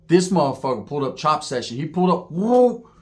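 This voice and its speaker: A man with a somewhat high voice tells street stories in a relaxed, animated way. His talk is full of slang and swearing. He keeps slipping into the voices of the people he describes. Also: fast. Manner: profane, animated, heavy slang; acts out voices, laughs while telling. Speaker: storyteller on his own channel. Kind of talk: casual street storytelling.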